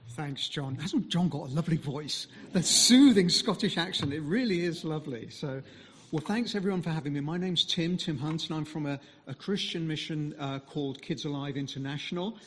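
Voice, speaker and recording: A man speaking as a visiting mission speaker, giving a conversational sermon full of pauses and fillers. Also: on the high side, in a large hall. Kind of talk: sermon talk.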